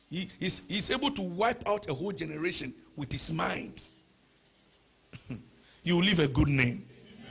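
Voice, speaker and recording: In a husky, raspy, high-set voice, a male pastor preaches, swinging between shouted, sing-song prayer and an easy teaching tone while tossing rhetorical questions at the room. Vocal fry grinds through his quieter stretches.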